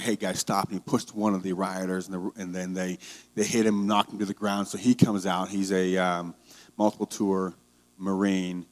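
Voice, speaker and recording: A male pastor preaching a conversational sermon, telling stories and growing heated. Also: low voice. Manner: conversational storytelling, grows heated.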